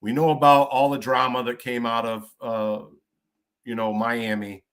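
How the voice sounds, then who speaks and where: A middle-aged man from Michigan hosting a casual podcast. He talks bluntly in folksy trucker slang and curses freely. His pitch is average for a man. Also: little pitch movement, unhurried, fairly bright tone. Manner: blunt storytelling with frequent cursing. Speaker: podcast host.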